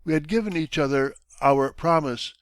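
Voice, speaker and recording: A man's voice: on the high side, normal speed, clear, resonant tone, no echo, voice pushed up, close to an everyday voice. A man reading an audiobook, voicing a timid young barber who stammers and pleads. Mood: grieving. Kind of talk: audiobook character voice.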